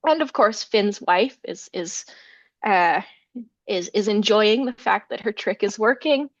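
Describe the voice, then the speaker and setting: A woman's voice: medium pitch, a little slow, no echo, muffled recording. A woman scholar, a guest in an interview, retelling a folk tale with animation and acting out the characters' lines. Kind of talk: storytelling in an interview.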